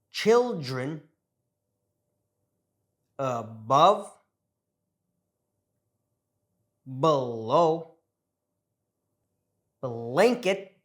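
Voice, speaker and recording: A man's voice: medium pitch, fairly bright tone. A young man teaching an English pronunciation lesson, speaking carefully and encouragingly and drawing out example words for learners to repeat.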